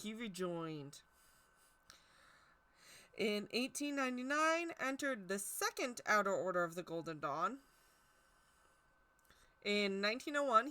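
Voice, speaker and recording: Chatty woman with a bright voice. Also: mid-range voice. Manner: chatty, self-deprecating, stumbles over names. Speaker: tarot teacher. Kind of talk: casual history talk.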